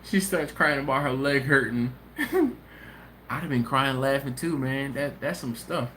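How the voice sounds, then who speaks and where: A man's voice: medium pitch, animated, measured pace, bright, forceful tone. A man hosts a casual live-stream chat, reading viewer comments and answering them with stories. His voice rises and falls animatedly, and he breaks into laughter often. A faint hiss of noise sits under the voice. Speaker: host of a barbecue channel live stream.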